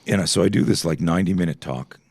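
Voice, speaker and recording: A man's voice: low-pitched, fast talker, vocal fry, a little mellow, slightly rough, no echo, clean studio sound. A man in his fifties, a podcast guest, telling rambling stories full of tangents and swearing in a casual chat. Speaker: podcast guest, self-defense instructor.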